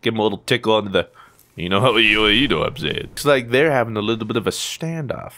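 An American man giving casual, excitable commentary over his own gameplay, full of sudden yelps and playful trash talk. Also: lowish voice, quick pace, a little hiss or hum. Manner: excitable, yelps and exclaims during fights. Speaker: gaming YouTuber.

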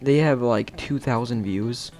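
A man casually narrating his own gameplay as the host of a game video, chatty and playful, with sudden excited shouts. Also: mid-range voice, a little slow, faint music behind.

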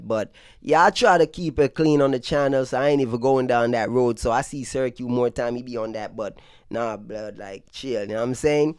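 A man's voice: mid-range voice, moderate pace, smooth, no room sound, studio quality. A man from Brooklyn with a mixed Jamaican and New York accent, giving casual vlog commentary and telling stories that switch between patois and street slang. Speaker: dancehall news vlogger.

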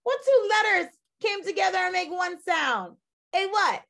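A woman teacher leading a phonics lesson for young children, drilling sounds in a slow, sing-song way while losing her voice. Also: extremely high pitch, lively intonation, gravelly, fairly bright tone. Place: classroom video lesson.

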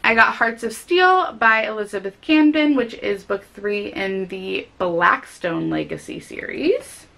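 A woman chatting casually and excitably about books she picked up, with frequent fillers. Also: medium pitch, measured pace, gravelly. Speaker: book vlogger. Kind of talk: casual book haul chat.

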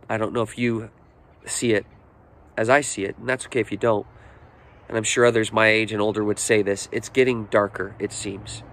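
Man in his forties, pastor preaching, earnest personal storytelling, faint background hiss. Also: medium pitch. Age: 40s. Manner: earnest, personal storytelling with emotional swells and hushed moments. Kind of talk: sermon.

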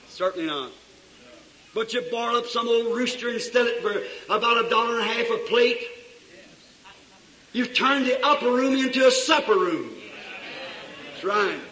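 A male preacher delivers a fiery revival sermon in a very high, piercing voice. He swings between shouts and hushed asides. The sound comes from far away, with a long church-hall echo. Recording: echoey hall recorded from far off.

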